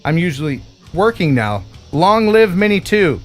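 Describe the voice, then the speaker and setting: Lively, high-voiced middle-aged host. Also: male voice, normal speed, faint music behind. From United States. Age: 50s. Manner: jokey, animated, reads out viewer donations. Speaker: host of a live drone stream. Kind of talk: live stream chat reading donations.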